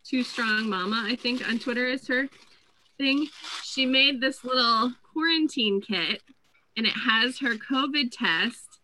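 A woman, chatting as co-host and telling animated stories about her family. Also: fairly high pitch, a little slow, rough recording. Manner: chatty storyteller, quotes her kids in lively voices. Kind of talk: casual chat.

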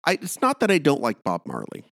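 A man's voice: a little high, huge pitch swings, brisk, gravelly, fairly bright tone, no echo, studio quality. A man co-hosting a casual chat podcast, ranting with opinionated, sarcastic energy. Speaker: podcast co-host.

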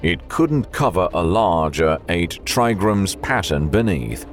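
A man narrating an audiobook with measured storytelling and faint music behind. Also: sits low, expressive.

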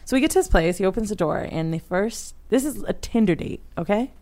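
A woman's voice: mid-range voice, lively intonation, a little fast, mellow. A woman co-hosting a podcast, telling a wild story in a profane, dramatic, casual way. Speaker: podcast co-host.

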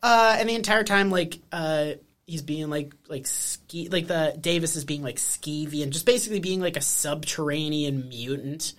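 A woman co-hosting a casual podcast, recapping a TV episode with swearing, jokes and quick impressions. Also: low voice. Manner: profane, joking, slips into quick impressions. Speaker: podcast co-host.

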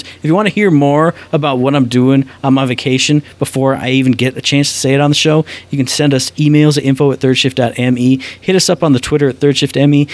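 Upbeat man co-hosting a gaming podcast. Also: a little high. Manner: joking, puts on silly voices in anecdotes. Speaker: podcast co-host. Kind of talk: casual chat.

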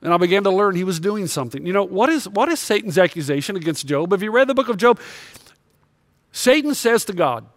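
A male pastor preaching a sermon, telling a personal story in a confessional way, swinging between loud emphasis and quiet moments. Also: high voice, animated, brisk, no room sound, studio quality.

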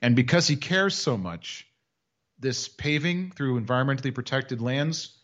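A man's voice: mid-range voice, expressive, normal speed, fairly bright tone, muffled recording. A man co-hosting a casual podcast, telling a news story with mocking sarcasm. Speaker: podcast co-host. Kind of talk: casual chat.

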